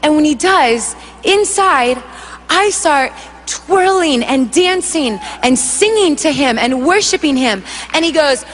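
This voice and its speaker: Woman, worship singer; high voice, animated testimony with acted-out voices, long reverb from a big hall. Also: slow pace, slight background noise. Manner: animated storytelling, acting out voices. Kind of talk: emotional spoken testimony.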